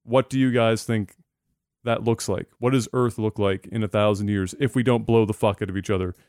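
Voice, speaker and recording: Smooth-voiced man ranting in casual chat. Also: on the low side, fairly quick, dry recording, clean studio sound. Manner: animated, swearing, rising loud when worked up. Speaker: podcast host.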